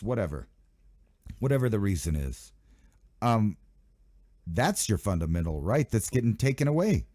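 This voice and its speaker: A man's voice: medium pitch, dark tone, no echo, studio quality. A man hosting his own channel, riffing casually and sarcastically on news headlines. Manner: rambling, sarcastic asides, mock voices of officials. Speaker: channel host.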